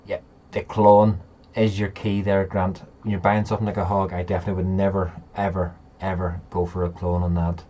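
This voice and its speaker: Man, low voice, casual rambling live chat, slightly muffled audio, faint hiss. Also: little pitch movement, fairly quick, hardly any pauses, warm tone. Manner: chatty, rambling, talks straight to viewers. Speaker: livestream host.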